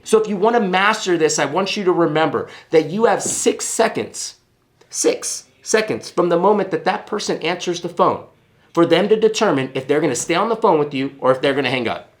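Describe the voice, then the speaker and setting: A man's voice: on the high side, animated, moderate pace, a bit bright. A man giving a sales lesson straight to his viewers. He talks in short, punchy bursts and leans hard on each point, coming back to it again and again. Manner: emphatic, punchy, repeats key points. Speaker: sales coach. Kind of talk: coaching talk to camera.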